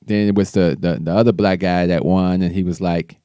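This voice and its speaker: A man with a low, mellow voice talks politics on his own show. He speaks loosely, stumbling and restarting as he goes. The sound is dry and close, with no room around it. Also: fairly even intonation, normal speed, hardly any pauses, smooth, no echo. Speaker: show host. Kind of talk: casual political commentary.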